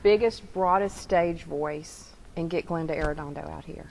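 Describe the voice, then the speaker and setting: A woman's voice: low-pitched, moderate pace, vocal fry, background noise. A woman hosting a casual interview, chatty and joking, saying y'all. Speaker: host.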